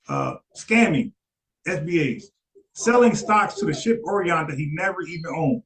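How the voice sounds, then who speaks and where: Lively man riffing on a video. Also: on the high side, moderate pace, low-quality recording. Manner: animated, acts out quoted voices, repeats phrases. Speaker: commentator reacting to a video. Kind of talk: casual reaction commentary.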